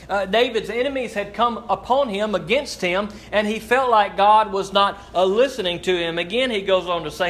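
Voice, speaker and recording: A man's voice: sits high, a bit bright. Earnest man preaching a sermon. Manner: earnest, halting with frequent restarts; slow, deliberate scripture reading. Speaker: pastor. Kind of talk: sermon with prayer and scripture reading.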